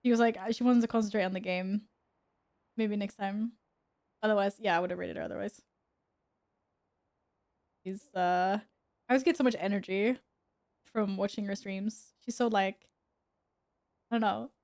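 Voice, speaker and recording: A woman's voice: mid-range voice, steady tone, moderate pace, pauses often, a little mellow. A young woman chatting casually with her viewers while gaming at home, giggling and talking to her cat. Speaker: streamer. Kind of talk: casual gaming stream chat.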